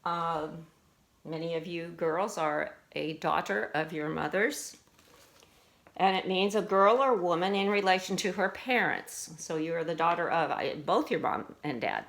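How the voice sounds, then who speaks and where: A woman's voice: fairly low pitch, creaky, fairly bright tone. A middle-aged woman teacher patiently walking students through spelling words, asking them questions as she goes. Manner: slow, patient, explains and asks questions.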